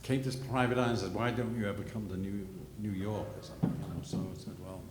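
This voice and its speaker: Older man, halting storyteller. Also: lowish voice, steady tone. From England. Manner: halting, self-deprecating, many restarts. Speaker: panel guest, illustrator. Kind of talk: rambling anecdotal storytelling. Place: gallery panel before an audience. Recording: echoey gallery hall, noisy.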